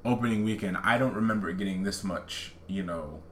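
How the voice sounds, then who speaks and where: A man's voice: sits low, brisk, fairly bright tone, reverberant, slight background noise. A man co-hosting a podcast, talking casually about films and often hesitating and starting over. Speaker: podcast co-host. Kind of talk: casual film chat.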